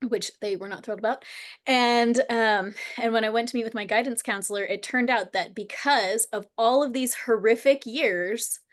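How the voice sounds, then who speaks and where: A woman in her thirties or forties hosting a casual chat, telling a personal story earnestly and rambling, full of "like.". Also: a little high. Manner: earnest, rambling, heavy use of "like". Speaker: host.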